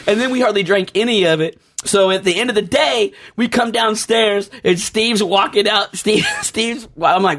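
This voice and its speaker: A man's voice: high voice, moderate pace, a bit bright. A man co-hosting a casual chat, telling rambling stories with lots of laughing and restarts. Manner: rambling storyteller, laughs a lot, many restarts. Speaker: podcast co-host.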